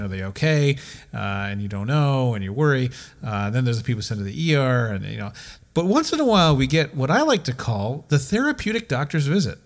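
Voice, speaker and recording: Animated male doctor telling patient stories. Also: medium pitch. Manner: animated anecdotes with acted quotes, many restarts. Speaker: doctor and podcast host. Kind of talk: casual podcast chat, storytelling.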